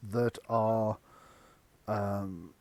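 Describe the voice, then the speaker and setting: A man's voice: lowish voice, steady tone, very slow, a little mellow. A man narrating as game master for a tabletop game, rambling with many fillers as he describes the world.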